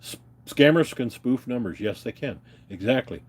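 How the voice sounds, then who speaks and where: A man with a husky, medium-pitched voice rants on a livestream, animated and at a moderate pace. Agitated and swearing, he answers his chat with unscripted stories about his grievances.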